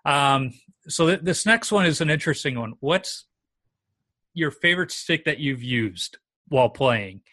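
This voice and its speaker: A man's voice: on the high side, expressive, unhurried, pushed and bright. A man hosting a casual interview, easygoing, asking questions and sharing his own stories. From Minnesota. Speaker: podcast host interviewing a guest.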